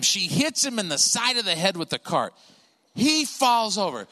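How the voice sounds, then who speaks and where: A man doing stand-up storytelling as a comedian, animated and acting out the people in his stories. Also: high-pitched, normal speed. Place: church auditorium. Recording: long reverb of a large hall.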